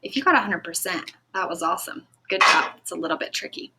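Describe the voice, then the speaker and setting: A woman teaching a recorded phonics lesson to children, speaking clearly and encouragingly and stretching out the sounds of words. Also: fairly low pitch, expressive, in a whisper. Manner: slow, clear, encouraging classroom delivery.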